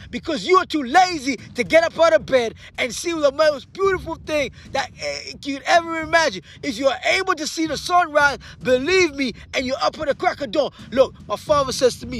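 A man with a strikingly high voice delivers a motivational speech. He preaches with fervor, repeating rallying lines and swinging from shouting to a hushed, low murmur. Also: expressive, normal speed, hardly any pauses. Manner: repetitive rallying phrases. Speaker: motivational speaker.

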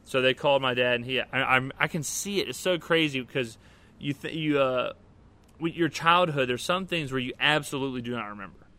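A man telling a rambling personal story to camera, casual and animated, full of restarts. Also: medium pitch, fairly quick. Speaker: vlogger.

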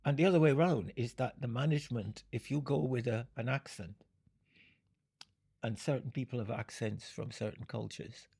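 An older man with a deeply gravelly, very husky voice and a rough edge answers audience questions in a Q and A talk. His pitch is ordinary and his tone darkish, and he explains slowly and haltingly, often pausing to chuckle between points.

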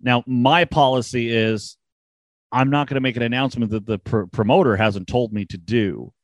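A man hosting a wrestling podcast and chatting casually, rambling quickly with self-deprecating asides. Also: medium pitch, no echo. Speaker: podcast host and wrestling ring announcer.

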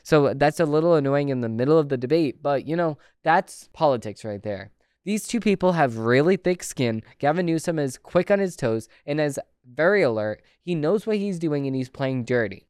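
Smooth-voiced man reading political news. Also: a little high, darkish tone, no echo, clean studio sound. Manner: opinionated, conversational asides between read passages; stumbles and restarts words when reading. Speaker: podcast host. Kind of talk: reading news articles aloud with political commentary.

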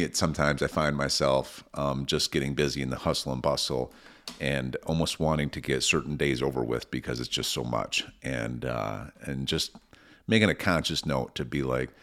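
Middle-aged man, very low bass voice, rambling earnest co-host chatting about family. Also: fairly bright tone. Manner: rambling, earnest, gets emotional. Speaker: podcast co-host, father of six. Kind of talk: casual conversation.

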